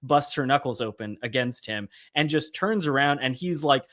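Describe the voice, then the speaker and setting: A man's voice: medium pitch, moderate pace. A man on a podcast casually retelling a show scene, quoting its lines as he goes. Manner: animated retelling, quoting characters. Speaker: podcast host. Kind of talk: casual episode breakdown.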